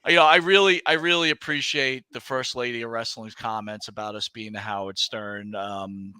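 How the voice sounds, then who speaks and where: A man's voice: mid-range voice, fairly even intonation, normal speed, sharp tone, clear, resonant tone, dry recording. A man, co-hosting a wrestling podcast and chatting as a guest in an enthusiastic, rambling, profane way. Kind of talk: casual podcast chat.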